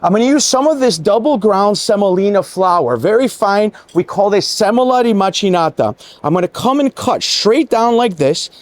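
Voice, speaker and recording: Lively high-voiced male chef. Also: moderate pace, few pauses, no echo. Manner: enthusiastic, chatty, addresses viewers as guys. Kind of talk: cooking demonstration.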